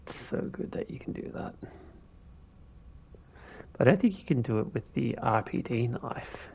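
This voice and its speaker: A man giving relaxed live gameplay commentary as a streamer, thinking aloud with fillers as he plays. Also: mid-range voice, normal speed, vocal fry, breathy edge.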